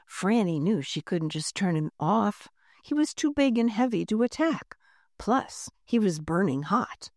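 A woman narrating a children's storybook aloud with an expressive delivery. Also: mid-range voice, a little slow, no room sound, studio quality.

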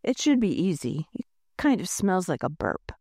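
A woman voicing a curious, clever schoolgirl inventor in a storybook reading, talking in a brisk, determined way. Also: on the low side, sing-song, mellow, husky, dry recording, clean studio sound, full character voice.

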